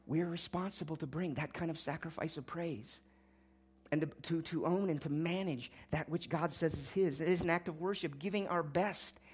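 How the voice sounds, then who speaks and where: A man preaching a sermon as pastor, swinging between quiet, low asides and loud, urgent exclamations. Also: moderate pace, slightly rough.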